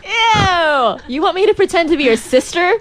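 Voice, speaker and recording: A woman's voice: very high-pitched, animated, moderate pace, fairly bright tone, no room sound. A woman co-hosting a radio show, playing along in a skit and teasing with frequent laughs. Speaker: radio co-host. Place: radio studio.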